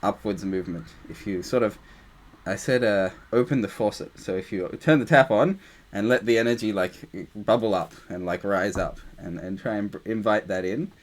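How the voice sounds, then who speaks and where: A man's voice: fairly low pitch, normal speed. A man leading a group meditation discussion over a video call, talking loosely with many fillers. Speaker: meditation teacher.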